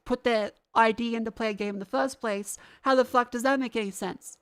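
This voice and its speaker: A woman's voice: fairly high pitch, fairly even intonation, a little fast, hardly any pauses. A young woman talks to her chat, her voice a little congested from a sinus infection. She rants in a heated, sarcastic tone and swears freely. The delivery is loose, like casual stream chat.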